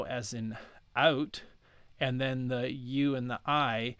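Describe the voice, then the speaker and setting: A man explaining pronunciation in a casual lesson, chatty and self-correcting, stretching sounds out slowly to demonstrate them. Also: medium pitch, a bit bright, smooth, no room sound. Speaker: language teacher.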